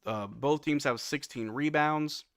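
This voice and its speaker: A man with a fairly high, smooth voice hosts a live stream watch-along, calling plays casually at a measured pace. He sounds a little sleepy and yawns while relaxedly reading stats and replying to chat, and the audio is studio quality with no echo.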